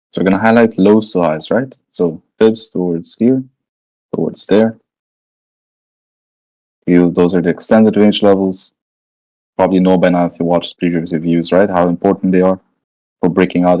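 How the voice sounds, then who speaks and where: This deep, darkish voice belongs to a trading educator breaking down charts live. He keeps it casual and full of slang, thinks aloud, and keeps checking in with "right?" The audio is poor.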